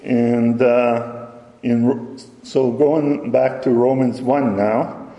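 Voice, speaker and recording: Slow-speaking man preaching in an echoey hall. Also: mid-range voice, steady tone, warm tone. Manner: slow, deliberate reading with self-corrections. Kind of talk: sermon. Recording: echoey hall with long reverb.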